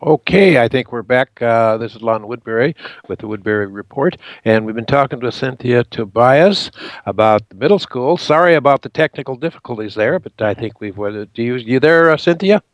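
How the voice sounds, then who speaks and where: A man hosting a radio interview, talking in a halting way with many fillers. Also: mid-range voice, expressive, no echo. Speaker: radio show host.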